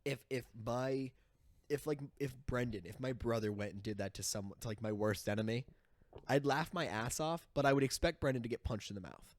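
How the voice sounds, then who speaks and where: A man co-hosting a reality TV podcast, talking in an animated, rambling way with many restarts. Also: mid-range voice, brisk. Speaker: podcast co-host. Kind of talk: casual chat.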